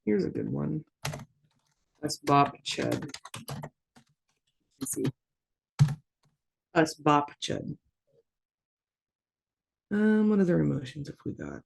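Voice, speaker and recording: An unhurried language teacher works through a casual online lesson, saying each phrase slowly and then repeating it. The voice sits at a middling pitch and keeps a relaxed, conversational tone between examples. Faint keyboard clicks and typing can be heard in the background. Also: creaky, a little hiss or hum. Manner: slow, careful repetition of words with casual asides.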